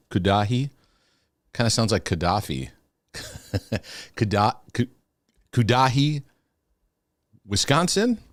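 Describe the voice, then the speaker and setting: A man's voice: on the low side, no room sound, clean studio sound. A man hosting a live-streamed Q&A, chatting casually with viewers, laughing often and restarting his sentences. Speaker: host of a live Q&A.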